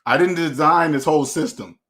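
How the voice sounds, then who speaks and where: A man's voice: fairly high pitch, fairly quick, creaky, a bit bright. A man hosting a personal finance channel, speaking in a blunt, slangy, preachy way and repeating his key phrases for emphasis. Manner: blunt, slangy street talk. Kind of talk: casual monologue to camera.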